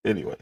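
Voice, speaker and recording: A man from Chicago hosting a livestream, telling a story in a casual, animated way, laughing and acting out the lines he quotes. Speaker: livestream host.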